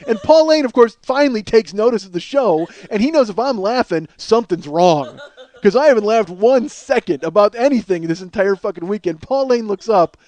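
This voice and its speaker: A comedian hosting a podcast recounts a comic tale with lots of swearing, cracking himself up as he goes. His voice is high-pitched and a little mellow, with lively intonation and a moderate pace.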